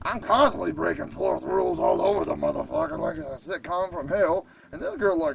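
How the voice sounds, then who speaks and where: Animated gravelly man telling wild stories. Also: on the high side, fairly quick, hardly any pauses, poor audio. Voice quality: gravelly, profane and excitable. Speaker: radio show host. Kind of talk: animated comic storytelling.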